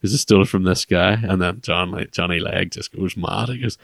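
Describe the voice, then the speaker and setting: A man with a very low, gravelly voice rambles his way through a casual podcast chat, circling back on himself with fillers and false starts. The sound is dry and close to the mic. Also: fairly quick, fairly bright tone, no echo. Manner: rambling, many fillers and restarts. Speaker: podcast co-host.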